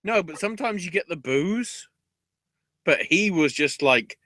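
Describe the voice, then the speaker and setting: A man co-hosting a casual wrestling recap podcast, excitable and profane, often laughing. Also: sits high, measured pace, no room sound. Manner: excitable, profane, breaks into laughter and mock voices. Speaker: podcast co-host.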